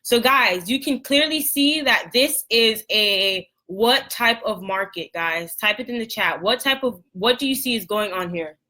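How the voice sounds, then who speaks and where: A young woman with a scratchy throat teaching trading basics on a live stream, chatty and apologetic, clearing her throat often. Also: fairly high pitch, measured pace, few pauses, pushed and bright. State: hoarse, throat irritated after a run. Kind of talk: casual live lesson.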